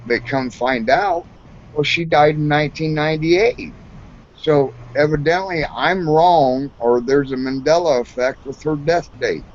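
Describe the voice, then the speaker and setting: A man's voice: on the high side, a little slow, a little hiss or hum. Rambling man on a muffled voice chat. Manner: rambling, hesitant with fillers. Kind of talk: casual chat. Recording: dull lo-fi voice chat audio.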